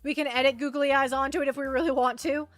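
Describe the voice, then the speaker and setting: A woman's voice: high-pitched, little pitch movement, fast talker, no echo, faint music behind. A woman streaming as a VTuber, chatting casually with her viewers and reading the chat aloud, often trailing off and restarting.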